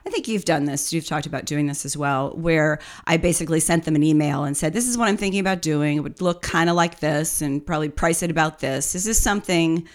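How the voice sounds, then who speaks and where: A woman's voice: low-pitched, fast, hardly any pauses. A woman co-hosting a business podcast, telling her story in a chatty, easygoing way. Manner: chatty storytelling with fillers and light laughs. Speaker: podcast co-host. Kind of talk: casual podcast conversation.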